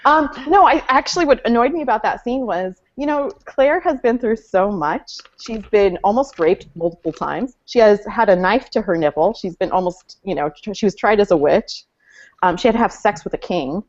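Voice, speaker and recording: A woman's voice: medium pitch, expressive, normal speed, lo-fi sound. A woman co-hosting a casual fan chat over a video call, opinionated and chatty with lots of fillers. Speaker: podcast co-host. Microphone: webcam mic on a video call.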